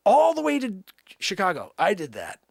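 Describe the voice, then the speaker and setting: A man playing a boastful male time traveler who claims famous past lives, rambling with shouting outbursts. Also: high-pitched, wildly swooping pitch, moderate pace, vocal fry, no room sound, clean studio sound, full character voice. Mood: manic boasting.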